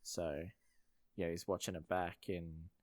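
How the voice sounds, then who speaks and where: A man's voice: low-pitched, little pitch movement, unhurried, no room sound, clean studio sound. A man co-hosting a film review podcast, rambling through a scene recap with many fillers. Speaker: podcast co-host. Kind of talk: casual film review chat.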